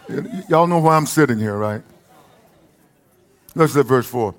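A man with an East Texas accent preaching a lively sermon, with folksy humor and emphatic repetition. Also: mid-range voice, normal speed, long pauses, a little hiss or hum.

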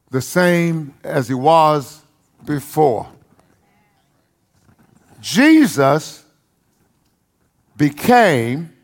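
Animated East Texas preacher man. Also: on the high side. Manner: animated preaching with folksy humor and repetitions. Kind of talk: sermon.

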